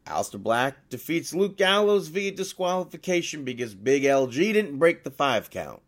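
A man co-hosting a casual chat podcast, rambling and halting, with frequent laughter. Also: a little high, very animated. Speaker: podcast co-host.

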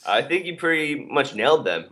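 A man's voice: fairly high pitch, sing-song, fairly quick, noisy background. A man co-hosting a podcast in casual chat, laid-back and easygoing, reading out listener comments. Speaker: podcast co-host.

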